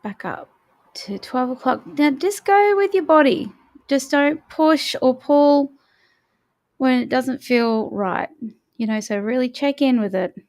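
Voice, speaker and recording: A woman vocal coach leading a morning warm-up, chatty and encouraging as she talks the listener through each step. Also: fairly high pitch.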